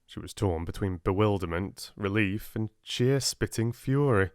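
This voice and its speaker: A man narrating a soothing audiobook meant for sleep, in a measured, calm telling. His voice is low and unhurried, with lively melodic turns. The recording is dry and close-miked. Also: clear, resonant tone, dry recording.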